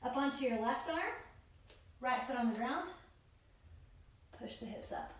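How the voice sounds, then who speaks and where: Woman yoga teacher for a guided class, high voice, steady pose-by-pose cueing, miked from a distance in a booming room. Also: unhurried. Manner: steady spoken cues for each pose and breath. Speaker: yoga instructor. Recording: very echoey room, voice far from mic.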